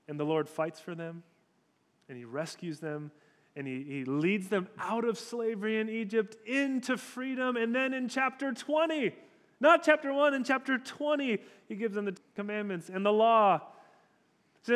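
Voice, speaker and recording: A man's voice: high voice, lively intonation, moderate pace, pauses often, fairly bright tone. A male pastor preaching a sermon in a church hall, conversational and emphatic. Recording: long hall reverb.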